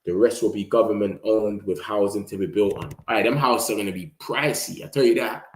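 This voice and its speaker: A young man talks football in a loose, slangy ramble, reacting to the match as he goes. His voice sits slightly low. The room around him is echoey. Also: fairly quick. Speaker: football vlogger. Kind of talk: casual live-stream chat.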